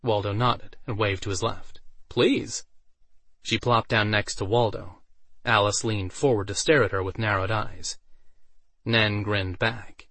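A man reading a fantasy novel aloud in steady scripted narration. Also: on the low side, measured pace, dry recording. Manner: steady, even storytelling. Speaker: audiobook narrator.

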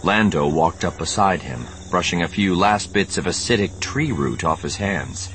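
A man narrating an audiobook with a measured, expressive reading. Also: deep voice, a little hiss or hum. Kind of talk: scripted narration.

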